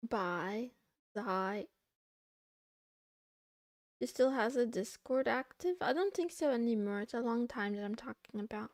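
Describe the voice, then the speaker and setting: A young woman livestreams from her desk and talks playfully with her chat as she codes. Her voice sits a little high with a gravelly fry, and she speaks slowly. The sound is close and dry. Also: no room sound. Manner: playful, talks to chat while working, giggly. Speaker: VTuber streamer. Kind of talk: casual coding livestream chat.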